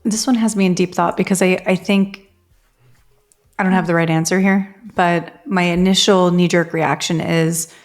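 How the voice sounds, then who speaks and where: A woman therapist co-hosting a casual podcast, thinking aloud in a relaxed and expressive way. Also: fairly low pitch, normal speed, soft background music. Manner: thoughtful, expressive, swears casually. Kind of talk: casual group podcast chat.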